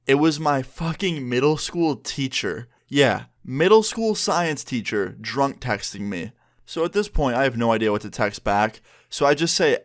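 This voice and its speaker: A young man telling a casual storytime on his vlog, chatty and animated as he reads out text messages. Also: medium pitch, a little fast. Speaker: vlogger.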